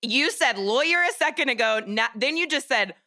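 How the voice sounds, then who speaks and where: A woman's voice: sits high, lively intonation, pushed and bright. A woman with a Southern US accent, co-hosting a podcast in casual chat, playful and full of filler words. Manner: quick, playful, lots of "like" and "um". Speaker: podcast co-host.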